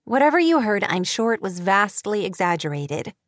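An embarrassed young woman teacher, worn down by small-town gossip, as a woman narrator reads her. She speaks softly in a plain everyday voice. The recording is close and dry. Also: medium pitch, big pitch swings, normal speed, no echo, close to an everyday voice. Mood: defensive.

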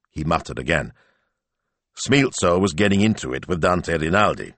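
Male audiobook narrator, deep, animated contour, dry studio read. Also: dry recording.

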